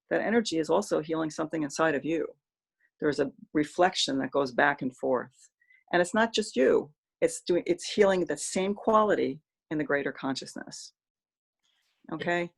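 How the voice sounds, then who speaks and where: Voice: medium pitch, moderate pace, vocal fry, husky. A teacher leading a spiritual class, explaining ideas in a reflective, conversational way.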